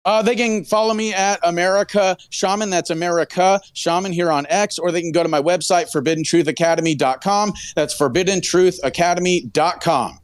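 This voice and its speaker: A male guest with a high, light voice speaks earnestly and a little defensively. He pushes his points with conviction. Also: a little fast, hardly any pauses, clean tone.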